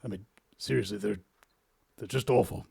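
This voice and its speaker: A man's voice: fairly low pitch, normal speed, creaky, warm tone, slightly rough, dry recording, studio quality. A man hosting a live-stream interview, rambling with many filler sounds. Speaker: host.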